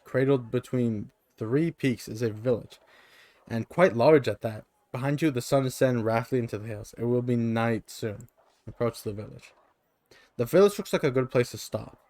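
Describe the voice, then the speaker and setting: A man's voice: mid-range voice, a little mellow, no room sound. Brief: male streamer narrating a gamebook, mid voice, dry close sound. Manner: plain narration with offhand asides. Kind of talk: reading an interactive gamebook aloud. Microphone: streaming microphone.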